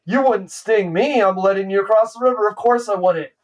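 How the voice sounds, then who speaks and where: A man's voice: high voice, brisk, far from the mic, lightly acted, low-quality recording. A man doing a whiny gullible frog. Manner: whiny and pleading.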